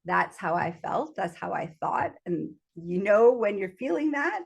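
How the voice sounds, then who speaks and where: A woman's voice: mid-range voice, lively intonation, a little slow, creaky, husky. A woman host telling a candid personal story, frank about sex, laughing often and acting out her own panic in quoted asides. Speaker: podcast host.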